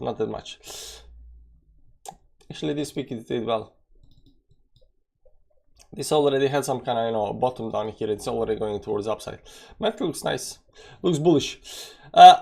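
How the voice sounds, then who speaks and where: Young guy hosting a live crypto-style market stream, loose and chatty, says "you know" a lot, voice sits a bit high. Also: gravelly, darkish tone. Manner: chatty, greets viewers by name, heavy "you know" fillers. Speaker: crypto market show host.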